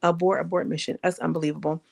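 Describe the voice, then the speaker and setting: A woman commenting in a casual gossip vlog, animated, emphatic, slangy and blunt. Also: deep voice, fast talker, creaky. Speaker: online commentator.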